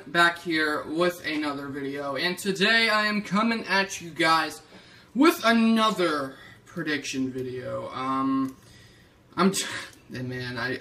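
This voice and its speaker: A man hosting a casual wrestling prediction vlog, ranting in a profane, excitable way. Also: fairly high pitch. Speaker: wrestling YouTuber host.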